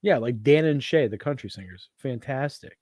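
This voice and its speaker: A man's voice: mid-range voice, expressive, moderate pace, a little mellow, dry recording, studio quality. A man co-hosting a casual chat, crude and joking, often slipping into silly voices. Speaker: podcast co-host.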